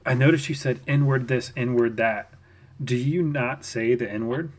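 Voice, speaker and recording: A man's voice: mid-range voice, measured pace. A man in casual chat, mostly listening and asking short, direct questions. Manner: quiet listener, short backchannels and probing questions.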